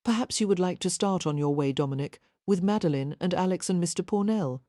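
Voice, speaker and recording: A woman reading an audiobook, voicing an earnest young gentleman who pleads gently and patiently. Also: fairly low pitch, brisk, dry recording, clean studio sound, lightly acted.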